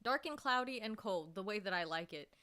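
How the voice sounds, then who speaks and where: A woman's voice: medium pitch, animated, fairly quick, pushed and bright, clear, resonant tone. A woman livestreamer chatting casually with her viewers and reading their messages, laughing easily and getting worked up. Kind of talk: casual live-stream chat.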